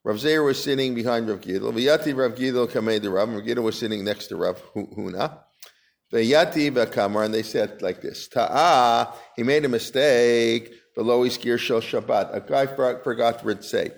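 A man's voice: medium pitch, moderate pace, creaky. A man teaching a Talmud class, reading the Aramaic aloud and then explaining it in casual, conversational English.

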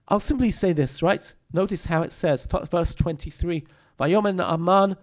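A man's voice: high-pitched, animated, normal speed. A man teaching a text study lesson, reading verses aloud and explaining them with rhetorical questions. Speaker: Bible teacher.

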